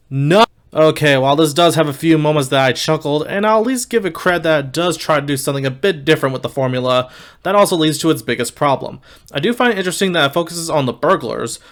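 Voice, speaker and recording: A man's voice: on the high side, fairly bright tone. Candid young man reviewing films. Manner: candid, wry and opinionated. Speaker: movie reviewer. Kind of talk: casual video review.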